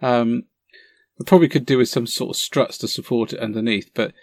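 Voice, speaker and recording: Casting: excitable man, podcast co-host, dry close sound. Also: mid-range voice, a little fast, dry recording. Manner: enthusiastic, rambling with fillers. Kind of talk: casual chat.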